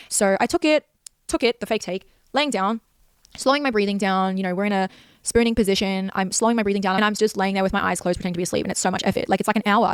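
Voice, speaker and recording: A woman's voice: medium pitch, clean tone, no room sound. A young woman rattles through a personal account at breakneck speed. Her voice is intense and laced with swearing, and it sits dry and close to the microphone. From Australia. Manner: rapid, intense, heavy swearing. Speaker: creator telling her story in a clip.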